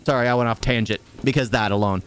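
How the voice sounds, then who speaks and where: A man's voice: mid-range voice, steady tone, quick pace, a little hiss or hum. A man ranting sarcastically through a movie review, firing off exasperated rhetorical questions.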